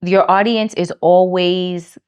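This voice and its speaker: Fast-talking New woman coach. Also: fairly low pitch, clear, resonant tone. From New York. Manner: lively, laughs often, acts out quoted lines; fast speech that she says jumbles words. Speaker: speech coach. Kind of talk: casual interview chat.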